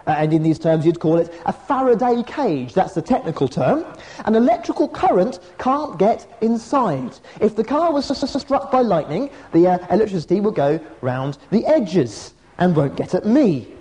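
A man preaching a sermon as a pastor, telling a personal story with measured, dramatic pauses and slowed emphasis. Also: high voice, very animated, a little mellow.

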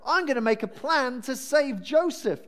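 A man briefly voicing an unreliable, scatterbrained brother in a flustered, offhand way, higher than his usual voice. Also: animated, normal speed, fairly bright tone.

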